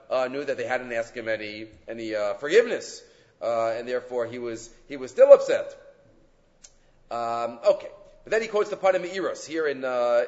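Guy teaching talmud, lots of uh and right?, hebrew words mixed in, kinda higher voice. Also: muffled recording. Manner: conversational, frequent "right?" and filler "uh"; mixes Hebrew and Aramaic terms into English. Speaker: Torah teacher. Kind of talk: Talmud lecture.

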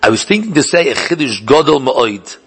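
A man delivers a Talmudic lecture in a husky, middle-pitched voice. He thinks out loud, stumbling over repeated words and restarting his sentences. He weaves Hebrew and Yiddish learning terms into his English. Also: very animated, brisk. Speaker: Talmud teacher.

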